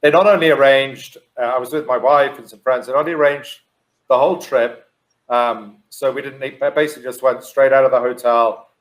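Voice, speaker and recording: Measured man talking hotels on a panel. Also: mid-range voice, steady tone, rough recording. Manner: measured, a little hesitant with fillers. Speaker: hotel alliance executive. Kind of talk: casual roundtable chat. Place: Dubai.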